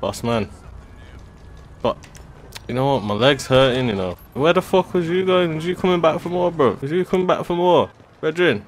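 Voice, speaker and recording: A man, loudly commentating on a game with bursts of shouting and swearing. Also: on the high side, animated, normal speed, slight background noise. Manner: slangy, loud outbursts and swearing. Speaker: gaming video host. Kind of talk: excited gameplay commentary. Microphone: desktop USB microphone. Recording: game music playing under voice. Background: game music and sounds.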